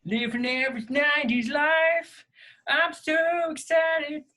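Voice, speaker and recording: A woman plays a wide-eyed, easily thrilled nineties guy in a comedy sketch, gasping and gushing at every bit of news. The voice sits very high and bright, and the delivery is slow and drawn out. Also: heavily acted. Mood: giddy. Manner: gushing, breathless excitement. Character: excitable average 1990s guy.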